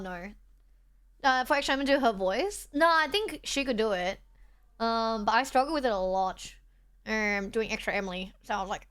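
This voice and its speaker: Brief: young woman, high and bright, chatty live-stream host, a bit travel-worn. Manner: chatty, reads chat aloud, self-deprecating. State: tired from travel. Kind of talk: casual live-stream chat.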